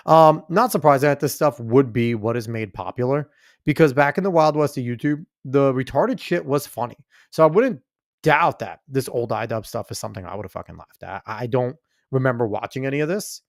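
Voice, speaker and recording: A man hosting a podcast, reacting casually to a video, profane and rambling, often trailing off quietly. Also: mid-range voice, vocal fry, no echo, clean studio sound.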